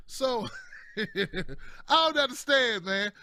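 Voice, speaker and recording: A man's voice: sits high, expressive, moderate pace, pushed and bright, dry recording. A man hosting casual political commentary, talking in a slangy, repetitive, chatty way with frequent laughs.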